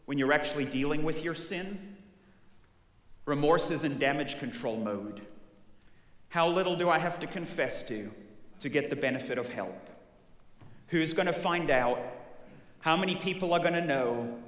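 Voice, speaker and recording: A man's voice: on the high side, moderate pace, long pauses, fairly bright tone. A man pastor preaching a sermon, talking directly to the congregation with questions and vivid stories. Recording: echoey hall with long reverb.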